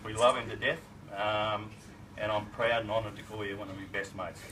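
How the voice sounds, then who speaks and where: A man's voice: fairly low pitch, level tone, a little fast. A middle-aged man giving a casual birthday speech as a family friend, laid-back and chuckling, with plenty of slang. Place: party in a shed. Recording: far from the mic, noisy room.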